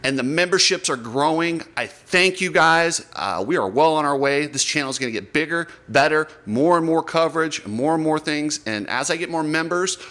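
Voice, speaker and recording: Chatty male vlog host, bright and slightly high voice, animated commentary delivery. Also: normal speed, hardly any pauses. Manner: animated, chatty and apologetic, talks up riders. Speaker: host of a motocross coverage channel.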